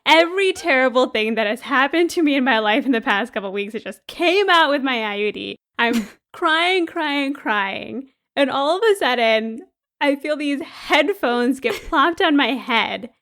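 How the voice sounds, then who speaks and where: A young woman with a high voice co-hosts a podcast, recounting a story in easygoing chat. She is animated and breaks into laughter often as she talks. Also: normal speed. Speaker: podcast co-host.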